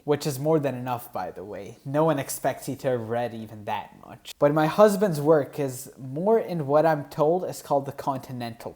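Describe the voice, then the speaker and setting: A man's voice: medium pitch, darkish tone. A man who comments on the online posts he reads aloud, with dry, sarcastic asides. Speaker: YouTube commentator.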